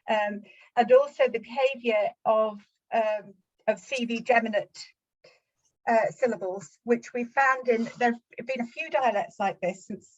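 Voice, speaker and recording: A woman's voice: mid-range voice, highs cut off. A middle-aged woman professor asking a thoughtful question after a talk, searching for her words.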